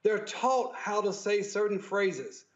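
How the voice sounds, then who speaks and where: A lawyer speaking as a guest on a news talk panel, assured and emphatic. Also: male voice, sits high, lively intonation, takes it slowly. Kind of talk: news talk show discussion. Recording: echoey, slightly dull remote audio.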